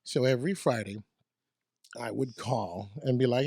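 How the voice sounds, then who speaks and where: A man in his forties telling stories in a casual podcast interview, animated and acting out quotes in different voices. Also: mid-range voice, normal speed, husky, dry recording, clean studio sound. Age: 40s. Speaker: radio DJ guest. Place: podcast studio.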